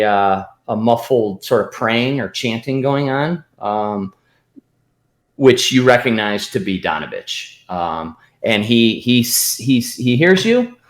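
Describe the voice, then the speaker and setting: A man's voice: mid-range voice, reverberant. A man narrating as game master, rambling with hesitant restarts.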